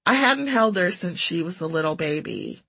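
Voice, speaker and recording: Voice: medium pitch, big pitch swings, moderate pace, vocal fry, bright, forceful tone, husky. A narrator reading a first-person story aloud with a wry, sardonic delivery.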